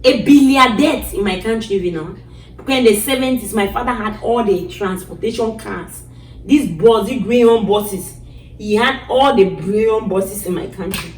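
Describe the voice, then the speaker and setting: A woman's voice: medium pitch, normal speed. Dramatic woman storyteller, echoey and distant. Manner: dramatic, reenacts her own cries and pleas. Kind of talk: personal storytelling. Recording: distant mic in an echoey room.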